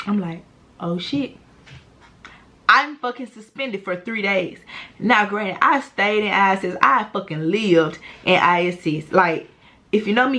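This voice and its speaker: Young woman vlogging a storytime, cussing a lot, super animated, slangy. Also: medium pitch. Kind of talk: casual storytime vlog.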